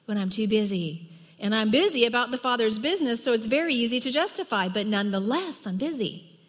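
A middle-aged woman teaching a women's Bible study in an earnest, emphatic way, dropping soft for quoted words. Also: on the high side, expressive, fairly quick. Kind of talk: sermon. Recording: long hall reverb.

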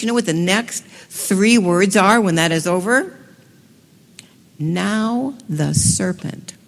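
A woman giving an enthusiastic talk to a women's gathering, moving between hushed, slow passages and excited bursts. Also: lowish voice, creaky. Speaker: speaker at a women's event. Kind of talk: sermon. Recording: long reverb of a hall.

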